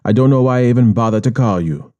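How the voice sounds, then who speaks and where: A man's voice: mid-range voice, quick pace, dark tone, dull audio, natural voice. A man voicing an arrogant Jamaican Syrian boss who berates and sneers with constant swearing, in an audiobook. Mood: sneering. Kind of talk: audiobook character voice.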